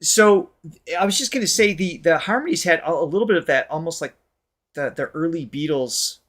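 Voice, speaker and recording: Animated man, vocal coach co-host. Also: on the high side. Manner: animated, laughs often, quick asides. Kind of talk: casual music reaction chat.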